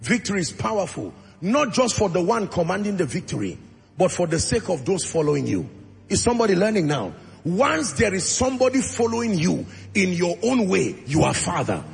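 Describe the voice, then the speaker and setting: A man preaching a sermon as pastor, acting out short dialogues and rising into shouted prayer. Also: high-pitched, big pitch swings, fairly quick, creaky. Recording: music under voice in a large reverberant hall.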